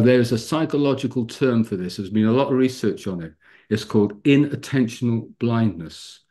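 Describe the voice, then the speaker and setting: A man in his fifties preaching a sermon over a video call, telling personal stories with lively pitch rises for emphasis. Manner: animated storyteller, rising pitch for emphasis.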